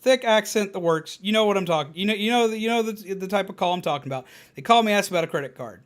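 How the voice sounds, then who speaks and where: A woman streamer chatting casually on a live stream, telling stories in an animated, profane way. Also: mid-range voice, rapid-fire.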